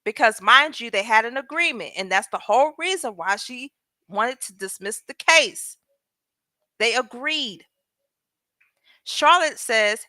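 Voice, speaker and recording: A woman's voice: fairly high pitch, very animated, measured pace, sharp tone, no room sound. A woman hosting legal commentary, reading a transcript aloud and breaking off to ask viewers pointed questions. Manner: talks straight to viewers, asking pointed questions.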